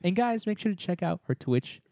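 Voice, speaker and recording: A man's voice: sits high, fairly quick, vocal fry, dry recording. A man co-hosting a casual podcast, telling a story with lots of swearing and acted-out voices. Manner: animated, swears freely, acts out voices in stories. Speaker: podcast co-host.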